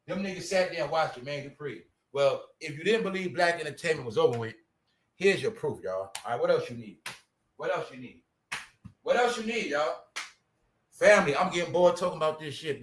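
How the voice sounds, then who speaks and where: A brash man with a bright voice rants to his viewers over a little hiss or hum. In this casual livestream commentary, the channel host swings animatedly between loud outbursts and low mutters, asking rhetorical questions and repeating "y'all" and "huh."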